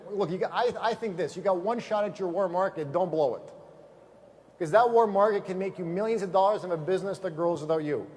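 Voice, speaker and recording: A man giving a motivational seminar talk to a live audience, telling lively stories and asking the room questions. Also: high voice, slight background noise. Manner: energetic storyteller, asks the audience questions. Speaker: business trainer.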